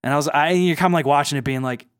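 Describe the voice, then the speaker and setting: A man casually retelling a reality show, with animated storytelling and mocking impressions of the people he quotes. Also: fairly high pitch, rapid-fire, smooth, no room sound, clean studio sound. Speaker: podcast co-host.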